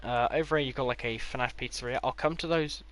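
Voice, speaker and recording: A man's voice: medium pitch, a little fast, a bit bright, slight background noise. A man giving a casual, rambling tour of his game builds, with offhand delivery and dry sarcastic asides. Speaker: gaming creator.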